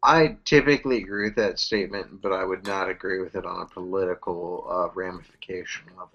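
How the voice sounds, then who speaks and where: A man's voice: low-pitched, fairly even intonation, a little fast, fairly bright tone, highs cut off. A man co-hosting a podcast in casual chat, throwing in crude jokes. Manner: crude, joking interjections. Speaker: podcast co-host.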